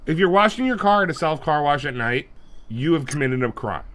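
Bright-voiced, profane podcast co-host, a man. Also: fairly high pitch, fairly quick. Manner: animated storyteller, profane, acts out bits. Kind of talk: casual comedic chat.

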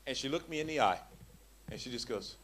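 A man preaching an animated, jokey sermon, often repeating words as he builds up. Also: medium pitch, brisk.

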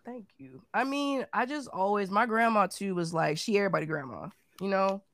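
Woman, podcast co-host, casual heartfelt storytelling, mid-pitched voice. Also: fairly quick. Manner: storytelling, heartfelt, says "like" often. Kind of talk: casual chat.

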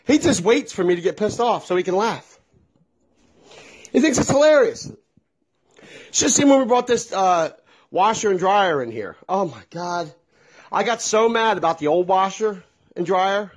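A man's voice: high voice, animated, normal speed, pauses often. A middle-aged man telling a casual, exasperated story with lots of swearing. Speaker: vlogger.

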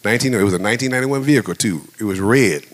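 A man's voice: lowish voice, rapid-fire. Middle-aged preacher guy, chatty sermon, laughs a lot, swings his voice up and down telling stories. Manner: conversational, animated, laughs often, acts out voices. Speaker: pastor. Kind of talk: storytelling sermon.

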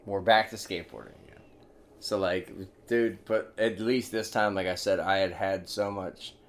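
Casting: thirties male podcast guest, very low voice, laid-back skater talk, heavy swearing. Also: steady tone, moderate pace, a little hiss or hum. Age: 30s. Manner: laid-back, swears a lot, laughs often. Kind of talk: casual chat.

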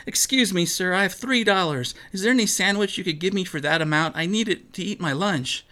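A man's voice: high-pitched, a little fast, sharp tone, voice pushed up. An earnest little girl, as a man puts her on. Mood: pleading. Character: earnest young girl, determined and kind.

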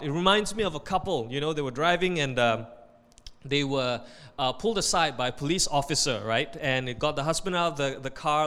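A man's voice: on the high side, fairly bright tone. A male pastor preaching a sermon emphatically, stressing key points and telling jokes, in a reverberant hall.

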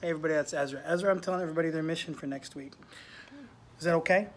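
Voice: mid-range voice, racing. A podcast host in casual chat, upbeat and chatty, talking to listeners like family.

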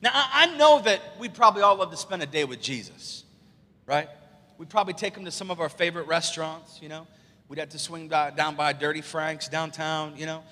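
A man preaching an excitable, animated sermon as pastor in a church sanctuary. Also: on the high side, a little fast. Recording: long church hall reverb.

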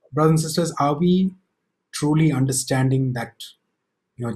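A man preaching a sermon, reading scripture aloud slowly and emphatically, then explaining it in a conversational way with frequent asides. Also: medium pitch, mellow, poor audio. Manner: slows and lifts his voice to read scripture aloud.

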